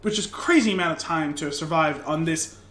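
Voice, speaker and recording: A man's voice: fairly high pitch, a little fast, a bit bright, reverberant. A man co-hosting a podcast, chatting casually and correcting himself as he goes. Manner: chatty, self-correcting, enthusiastic. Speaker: podcast co-host. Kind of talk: casual chat.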